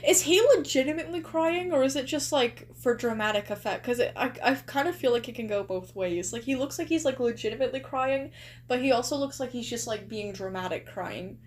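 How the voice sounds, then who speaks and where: A woman's voice: on the high side, fairly quick. A young woman streamer chatting casually as she reacts, gushing and asking lots of rhetorical questions. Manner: chatty, exclaims and gushes, many likes and rhetorical questions.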